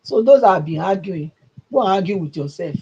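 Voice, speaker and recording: A woman's voice: mid-range voice, animated, brisk, warm tone, highs cut off, slight background noise. A woman with a Nigerian English accent hosting a livestream, giving emphatic, rambling political commentary with a mocking edge. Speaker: channel host.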